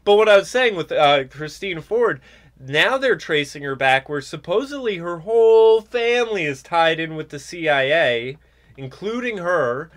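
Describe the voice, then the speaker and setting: Bright-voiced ranting male podcast host. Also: fairly high pitch, expressive, measured pace. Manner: ranting, sarcastic, mocking mimicry. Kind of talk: political commentary chat.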